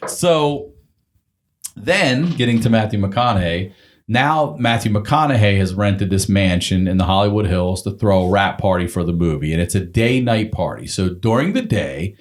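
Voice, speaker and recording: A male comedian telling a long, animated story in casual chat, swearing freely and acting out the people he quotes. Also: lowish voice, normal speed. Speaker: guest comedian.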